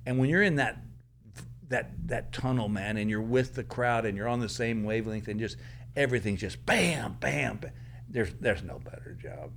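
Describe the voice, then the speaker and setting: A man's voice: mid-range voice, normal speed, creaky, a little hiss or hum. Man, from Texas, comedian guest, storytelling, acts out characters, studio. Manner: animated storyteller who acts out the people in his stories. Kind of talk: anecdotal storytelling.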